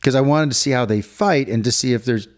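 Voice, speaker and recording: A middle-aged man with a mid-range voice talks fast as he co-hosts a casual podcast from a hotel room. He rambles through a story and acts out what other people said.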